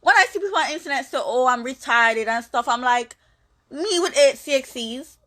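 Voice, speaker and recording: A young woman in her twenties, a social media personality, talking candidly in a rambling way with halting restarts. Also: high voice, expressive, pushed and bright. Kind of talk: candid monologue.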